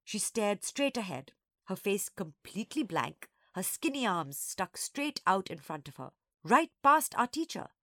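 A woman storyteller reading a children's story aloud, expressive and acting out each character. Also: mid-range voice, measured pace, dry recording, studio quality.

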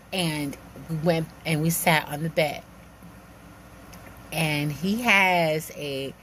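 A woman telling a personal story in a lively, animated way, acting out the dialogue and laughing now and then. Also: on the low side, slight background noise.

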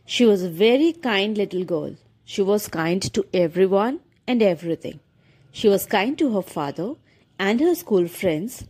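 A woman gently and expressively narrating a children's fairy tale. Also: mid-range voice. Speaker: storyteller. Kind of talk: scripted storybook narration.

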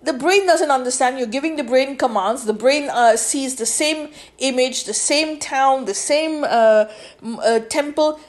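Emphatic high-voiced woman lecturing. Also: unhurried. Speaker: podcast host. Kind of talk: solo podcast monologue.

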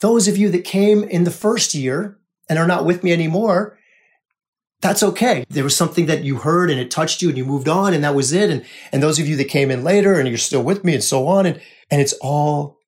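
A man hosting a spiritual podcast, talking earnestly in a monologue, repeating phrases and often dropping to a soft hush. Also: fairly high pitch, moderate pace. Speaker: podcast host.

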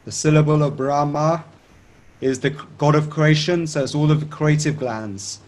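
Calm man guiding breathwork. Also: on the high side, normal speed, a little hiss or hum. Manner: calm instructive, checks in with "okay?"; chants and hums tones to demonstrate. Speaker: breathwork teacher, guest. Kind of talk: guided breathing instruction.

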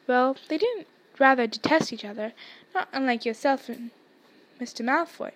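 Old wizard headmaster, mild and amused, read by a woman with a high voice; storybook. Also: normal speed.

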